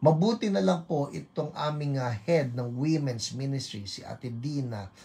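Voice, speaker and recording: A man's voice: medium pitch, moderate pace, vocal fry, warm tone. A man with a Filipino accent preaching at an online healing service, mixing Tagalog and English, leading the crowd in laughing chants and reading out viewer comments. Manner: reads viewer comments aloud. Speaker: pastor.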